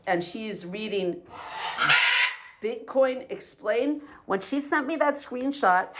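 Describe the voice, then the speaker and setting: A middle-aged woman venting in a personal video diary, profane and sarcastic as she rants. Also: fairly high pitch. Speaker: vlogger. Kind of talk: angry personal venting monologue. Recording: faint background noise and clicks.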